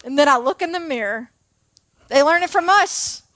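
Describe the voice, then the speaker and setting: High-voiced chatty woman preaching. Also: normal speed, no echo. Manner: chatty, animated, checks in with the audience often. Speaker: preacher and former teacher. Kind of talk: storytelling sermon. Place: church auditorium.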